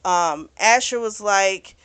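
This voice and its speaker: A woman's voice: medium pitch, slow, a bit bright, clear, resonant tone, no room sound. A woman host casually recapping a novel for a book club, talking in a chatty way and filling her retelling with "you know" and "he's like.".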